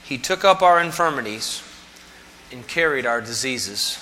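A man's voice: mid-range voice, animated, a little slow, sharp tone, long reverb tail. A man preaching a sermon as pastor, conversational and full of rhetorical questions.

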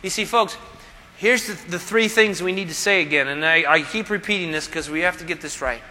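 A man's voice: high voice, fairly quick, pushed and bright, slight background noise. A man preaching a sermon as pastor, asking rhetorical questions and dropping humorous asides. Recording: long hall reverb.

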